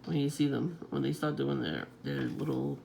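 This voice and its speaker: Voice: mid-range voice, normal speed, vocal fry, darkish tone, slight background noise. A vlogger talking in a casual, rambling monologue, swearing freely and chuckling often.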